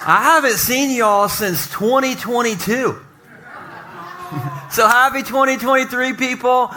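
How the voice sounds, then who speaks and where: High, bright-voiced joking pastor. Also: male voice, measured pace, soft background music, a faint crowd. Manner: energetic, joking, talks to the congregation. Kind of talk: lively sermon opening. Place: church basement with congregation.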